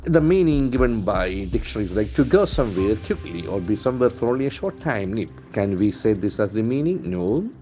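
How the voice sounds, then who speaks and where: A man teaching vocabulary from newspaper headlines, repeating and spelling out words slowly. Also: fairly low pitch, very animated, dark tone, soft background music. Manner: slow, repetitive, spells out and stresses words. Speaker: English language trainer.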